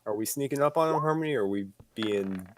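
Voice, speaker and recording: A man's voice: medium pitch, animated, fast, crowd noise. A man playing a tabletop game in an upbeat, bold manner, on a home mic. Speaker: player. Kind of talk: casual tabletop play.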